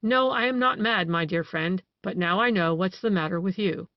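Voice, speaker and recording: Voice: medium pitch, moderate pace, no echo, natural voice. Reader doing a male doctor, ironic, mocking, soothing, dry dull audio. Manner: soothing, then sharply mocking.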